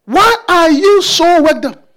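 A man preaching a sermon with passion. He fires off repeated questions and builds up to shouting. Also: very high-pitched, expressive, takes it slowly.

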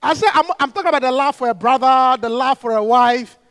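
A man preaching a sermon to a congregation. He is animated, laughs often and rises to shouts. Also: very high-pitched, fairly quick, no echo.

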